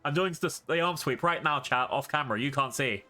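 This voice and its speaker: A man's voice: on the high side, fairly quick, sharp tone. A man streaming a game, chatting casually and rambling to his viewers with frequent laughs. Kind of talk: casual livestream gaming commentary.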